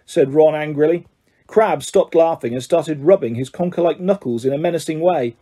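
A man's voice: a little high, moderate pace, dark tone, slightly rough. A man narrating a story aloud, reading steadily with small slips and restarts. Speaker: audiobook reader.

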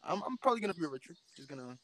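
Guest, fairly high voice, very expressive, playful, stumbling restarts. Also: male voice, racing, rough recording. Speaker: podcast guest. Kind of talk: casual chat.

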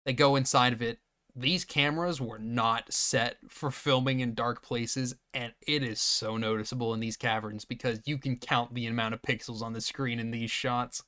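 A man's voice: medium pitch, fairly even intonation, sharp tone. A man hosting a podcast, recapping a film in sarcastic, profane, casual chat. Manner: sarcastic, swears freely, recaps scenes in quick bursts. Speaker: podcast host. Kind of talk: casual movie-riffing chat.

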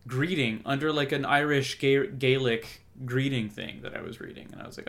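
A man's voice: medium pitch, moderate pace, hardly any pauses, a bit bright. A man co-hosting a podcast, talking in a casual, rambling way, joking and breaking off mid-sentence. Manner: rambling, self-interrupting, jokey. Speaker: podcast co-host. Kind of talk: casual chat.

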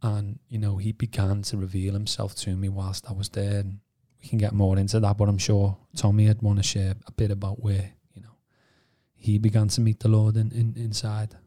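Rambling man with low voice. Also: monotone, moderate pace, mellow. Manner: rambling, many restarts and "you know" fillers. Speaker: podcast co-host. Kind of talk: casual personal testimony.

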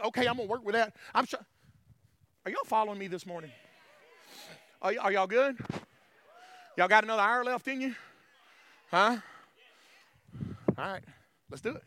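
High-voiced fiery preacher. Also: male voice, expressive, normal speed, long pauses, fairly bright tone. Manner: fiery call-and-response preaching. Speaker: pastor. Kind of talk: sermon.

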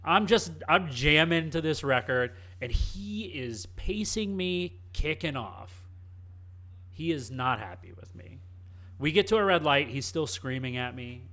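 A young man co-hosting a casual chat, telling a story in a cheeky, animated way. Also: on the high side, measured pace. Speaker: co-host.

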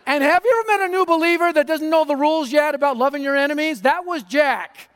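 A man from North Denver giving an energetic, humorous gospel talk on a conference stage, speaking into a stage microphone. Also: very high-pitched, fast talker. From North Denver, USA. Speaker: evangelist speaker. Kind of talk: gospel message speech. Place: large conference hall stage. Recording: reverberant hall.

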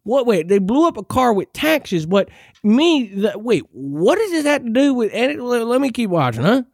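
Male podcast host, sarcastic profane rant, wildly swinging pitch, dry close sound. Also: big pitch swings, normal speed, a little mellow, no room sound. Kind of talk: ranting reaction commentary.

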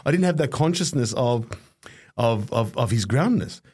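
A man's voice: medium pitch, animated, moderate pace, darkish tone, slightly rough, dry recording, clean studio sound. A man hosting a conversational interview, giving frequent affirmations and telling an emotional personal story.

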